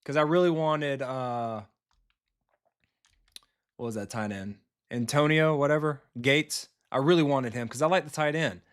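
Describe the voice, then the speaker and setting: Male game streamer, mid-pitch, loose and profane, chatting with viewers over live football gameplay. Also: measured pace, clean tone.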